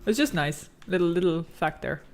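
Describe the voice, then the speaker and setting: With an animated, mid-range voice at normal speed, this streamer talks casually while gaming, reading chat messages aloud. The speech rambles with many fillers and is full of slang and profanity.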